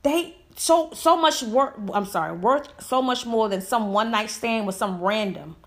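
A woman's voice: on the high side, expressive, measured pace. A woman giving a heated, emphatic opinion monologue full of rhetorical questions. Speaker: commentator.

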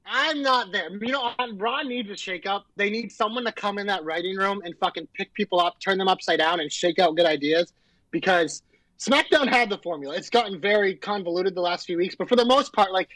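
A man's voice: sits high, a bit bright, no echo, rough recording. A man co-hosting a casual wrestling podcast, ranting in an angry, profane, fired-up way. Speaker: podcast co-host.

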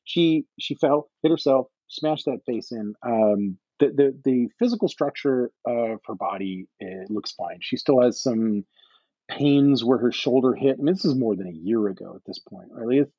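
A man's voice: medium pitch, moderate pace, mellow, slightly rough, no room sound. A man in casual chat, rambling with lots of "like" and "right?", on a dull, dry lo-fi mic.

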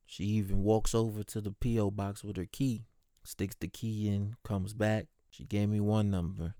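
A man with a lowish voice recounts his day as a postal clerk in a loose, animated way. He swears freely and slips into imitations of customers. His tone is mellow and warm, and the sound is dry and close. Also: normal speed, no room sound. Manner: animated, swears freely, mimics people he talks about. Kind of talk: casual storytelling about his workday.

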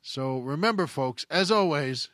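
A man's voice: on the high side, expressive, measured pace, fairly bright tone, no echo, studio quality. A man hosting a podcast, telling a rambling story in casual monologue, with chuckles and restarts. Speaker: podcast host.

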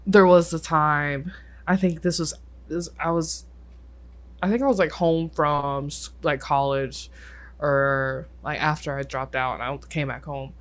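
A young adult podcast co-host telling stories in a casual chat, full of filler "likes" and sudden quick bursts. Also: mid-range voice, steady tone, fairly bright tone.

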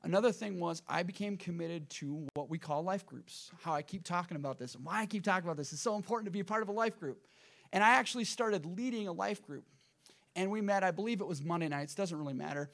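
A middle-aged man preaches a sermon in a church sanctuary. His voice sits a little higher than most men's. He tells a story earnestly and drives points home by repeating them. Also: fast, creaky, fairly bright tone. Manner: earnest storytelling with emphatic repetition. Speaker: pastor.

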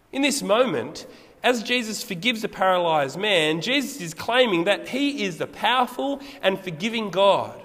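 A man preaching a sermon, explaining scripture in an animated way and putting rhetorical questions to his listeners. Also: high voice. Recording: long reverb of a hall.

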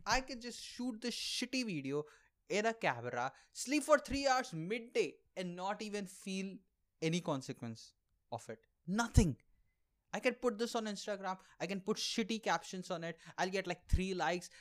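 A man's voice: sits high, a bit bright. Young guy ranting on his podcast, sarcastic, voice all over the place. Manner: sarcastic, rambling, laughs at own jokes. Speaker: podcast host and aspiring comedian. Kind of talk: rambling comic monologue.

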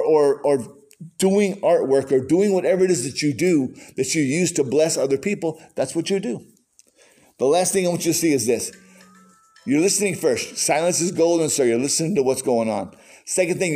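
A man preaching a sermon as pastor, folksy and animated, with conversational asides. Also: on the high side.

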